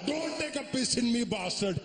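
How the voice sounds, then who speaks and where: A man's voice: expressive, moderate pace, a crowd in the background. A man putting on an older Indian uncle with an Indian English accent, barking insults over and over. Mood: angry. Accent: Indian English, put on. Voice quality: high, barking, repeats insults. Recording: echoey live venue, loud room noise.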